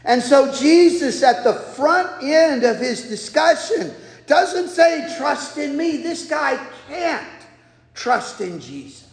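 High-voiced man preaching in an echoey hall. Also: very animated, slow pace. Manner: folksy, joking asides, acts out quotes. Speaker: pastor. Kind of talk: sermon. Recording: echoey hall with long reverb.

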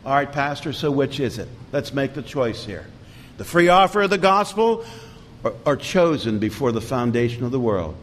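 A pastor preaching a sermon with fervent emphasis and sudden loud rises in his voice. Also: sing-song, normal speed. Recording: long hall reverb, faint rumble.

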